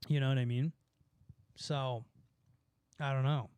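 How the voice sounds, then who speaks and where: A man's voice: medium pitch, fairly even intonation, a little slow, a little mellow, clear, resonant tone, no echo. A young man from California in a casual, sarcastic rant, mocking people and laughing at his own points. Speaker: streamer. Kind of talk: casual ranting chat.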